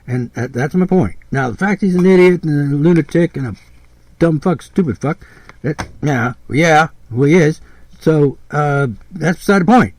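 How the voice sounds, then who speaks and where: A man's voice: fairly high pitch, normal speed, a little mellow, dry recording. A man in his seventies giving a blunt, rambling podcast monologue, repeating himself and swearing freely. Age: 70s. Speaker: podcast host.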